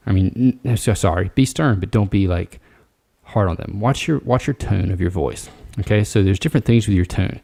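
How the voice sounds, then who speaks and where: A man's voice: lowish voice, vocal fry, mellow. A man hosting a solo podcast, giving workplace advice in a casual, direct coaching tone. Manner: casual, direct, coaching tone with frequent "all right". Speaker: podcast host.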